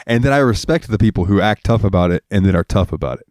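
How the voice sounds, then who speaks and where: A man's voice: fairly low pitch, fast, no echo, studio quality. A man co-hosting a podcast, telling stories in casual profane chat and acting out the people in them. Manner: profane, animated storyteller acting out voices. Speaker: podcast co-host.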